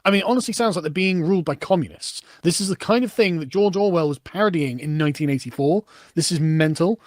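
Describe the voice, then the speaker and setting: British male commentator, sarcastic, animated, high voice. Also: fast, dry recording, clean studio sound. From Britain. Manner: sarcastic, laughs while reading. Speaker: political commentator. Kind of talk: reading and reacting to news.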